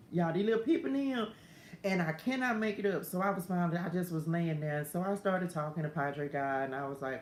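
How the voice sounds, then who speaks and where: A middle-aged woman chats her way through a morning devotional livestream, laughing easily and wandering off into side stories. Her voice sits a little low, and the room is echoey with faint ambience behind her. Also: normal speed, slight background noise. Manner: talkative, laughs often, drifts into side stories. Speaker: host of a morning spiritual livestream. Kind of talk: casual chatty devotional livestream.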